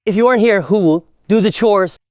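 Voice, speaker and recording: An actor playing the elder brother who heads a rural family, arguing and scolding in a family drama. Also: male voice, high voice, a little fast, a little mellow, no room sound, studio quality, natural voice. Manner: scolding, argumentative. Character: stern man heading a rural family household. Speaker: elder brother and head of the household. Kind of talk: village family drama acting.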